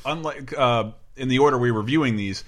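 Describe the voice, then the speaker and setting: A man's voice: mid-range voice, a little fast. A man co-hosting a podcast about a TV episode, making wry joking asides. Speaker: podcast co-host. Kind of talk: episode commentary podcast chat.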